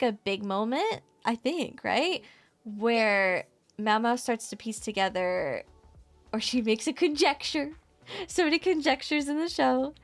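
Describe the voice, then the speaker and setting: A woman co-hosting a casual podcast, recapping an anime episode in a rambling, excitable way and laughing often. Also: a little high. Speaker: podcast co-host.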